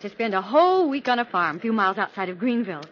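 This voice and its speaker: A woman's voice: medium pitch, very animated, fast talker, natural voice. An actress playing a naive, chatty young woman librarian, breathless and fluttery, in 1940s radio acting on a dull old recording.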